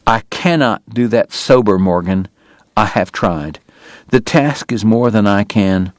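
A man's voice: mid-range voice, measured pace, no echo, clean studio sound, voice pushed up, close to an everyday voice. A man voicing a bitter, ailing frontier dentist who speaks in a formal, biting and strained way. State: sick, coughing.

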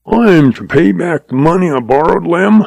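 A man's voice: on the high side, expressive, creaky, darkish tone, dry recording, pitched above the performer's own voice. A man doing a sly old drawling cowboy. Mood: patient, sly. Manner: slow folksy drawl, patient. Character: shrewd old cowboy, calm, sly, chuckling.

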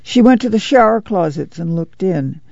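A man narrating a novel in a measured, unhurried storytelling manner. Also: high-pitched, animated, creaky, darkish tone, no room sound, muffled recording. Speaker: audiobook narrator.

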